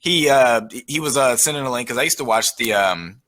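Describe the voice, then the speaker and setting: A man's voice: medium pitch, animated, a little fast, fairly bright tone, rough recording. A man telling a long, rambling story in casual chat, swearing often and restarting his sentences. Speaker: guest.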